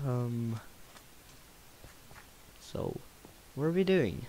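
A man's voice: medium pitch, lively intonation, measured pace, long pauses, a little hiss or hum, low-quality recording. A man doing a put-on Russian accent while casually commentating a video game, playful and jokey. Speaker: gamer.

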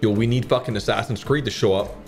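A man's voice: fairly low pitch, steady tone, quick pace, soft background music. A man streaming slot games, who keeps up profane, joking commentary and talks back to the games as he plays. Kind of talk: casual gambling commentary.

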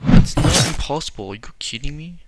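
A man's voice: fairly high pitch, lively intonation, a little fast. A young man with a put-on German accent commentating a game casually, with frustrated outbursts. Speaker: gameplay commentator. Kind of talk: casual let's play commentary. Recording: loud background noise.

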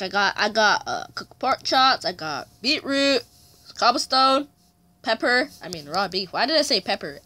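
A man narrating his gameplay in a bright, forceful voice. He chats along, mutters and swears mildly when things go wrong, and taunts opponents with yelled challenges. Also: sits high, big pitch swings, normal speed. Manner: mutters frustration, mild swearing. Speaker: gamer. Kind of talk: let's play commentary.

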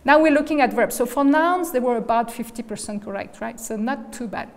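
A woman with a fairly high voice speaks a little fast as a guest lecturer giving an academic talk in a lecture hall. She explains things step by step, often checking in with "okay?" and "right?", and the room is reverberant.

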